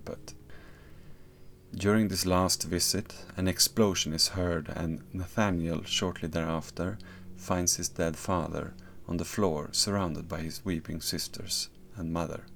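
A very deep-voiced man with a gravelly, fry-laden tone talks through an analysis. He is thoughtful and hesitant, often pausing to search for words. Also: steady tone, a little hiss or hum. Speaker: podcast host. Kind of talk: analytical commentary.

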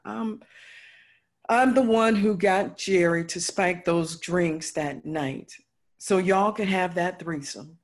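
A woman's voice: lowish voice, takes it slowly. A woman playing a remorseful, motherly friend who confesses a wrong in earnest, heartfelt words in a stage play. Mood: confessing, earnest.

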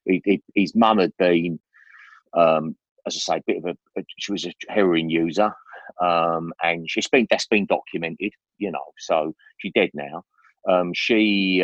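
Deep-voiced older man, chatty. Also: dry recording. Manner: chatty, with many restarts and slang. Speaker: guest. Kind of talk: rambling casual storytelling. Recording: dry, dull lo-fi recording.

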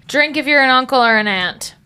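A woman's voice: high-pitched, normal speed, pushed and bright, a little hiss or hum. A woman in her thirties hosting a casual chat, teasing and swearing a lot. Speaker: host.

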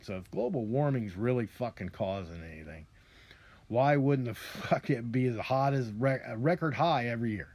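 A man delivers a long, rambling opinion rant as a podcast host. His talk is heavy with profanity, and he keeps stopping and restarting his sentences. His voice sits at an ordinary middle pitch for a man. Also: darkish tone, no room sound. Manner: profane, ranting, frequent restarts.

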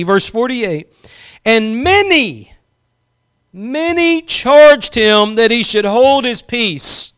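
A man's voice: very high voice, lively intonation, slow, fairly bright tone, clean tone. A man preaching a sermon, impassioned, drawing out key phrases for emphasis and acting out quotes.

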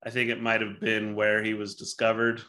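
Bright-voiced man quizzing his co-host. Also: on the low side, completely flat delivery, normal speed. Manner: joking, offhand, swears freely. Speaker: podcast co-host running a trivia game. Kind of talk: casual chat.

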